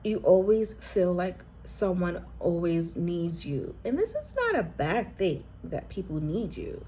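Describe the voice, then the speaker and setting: Addressing the viewer directly, this intuitive card reader offers a heartfelt collective reading, sometimes almost crying. Her voice is mellow and mid-pitched, with a little hiss or hum in the background.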